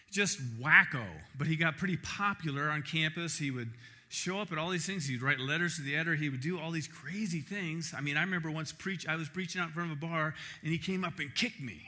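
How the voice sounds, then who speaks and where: A middle-aged male preacher delivers a sermon built around a personal story, animated and vivid. His voice is very bright and sits a little high. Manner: animated storytelling, acts out crowd chants.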